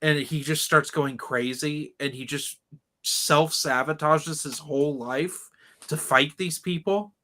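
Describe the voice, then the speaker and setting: A man with a bright, fairly high voice talks in a loose, opinionated way, wandering into asides as he chats with friends. His delivery is casual and rambling, like a host leading a book club talk. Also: fairly even intonation, slow. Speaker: podcast host. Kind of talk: casual chat.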